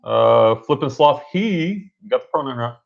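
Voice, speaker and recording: A man's voice: medium pitch, expressive, a little slow, creaky. A man co-hosting a casual livestream about reselling, upbeat and reading viewer comments aloud. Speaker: reseller co-host. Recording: dull lo-fi livestream audio.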